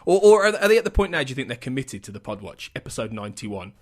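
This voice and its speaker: A man hosting a podcast, chatting casually and joking at his own expense, with many quick restarts. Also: mid-range voice, big pitch swings. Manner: chatty and self-mocking, lots of restarts and laughs. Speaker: podcast host.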